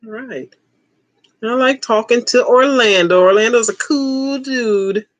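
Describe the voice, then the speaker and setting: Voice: medium pitch, slow pace, fairly bright tone, dry recording, low-quality recording. A host in their forties chatting casually on a livestream, laid-back and chuckling, repeating short replies. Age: 40s.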